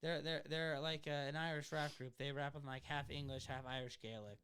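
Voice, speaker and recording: A man's voice: on the high side, flat delivery, fairly quick, over a noisy crowd. A man hosting a comedy podcast, rambling through a casual chat with lots of fillers. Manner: rambling, filler-heavy, argumentative. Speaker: podcast host.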